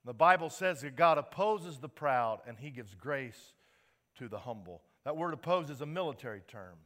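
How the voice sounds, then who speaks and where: At a Sunday church service, a male pastor preaches with a bright, forceful, expressive voice of medium pitch at normal speed. He builds to emphatic, impassioned peaks, then drops back into quiet earnestness.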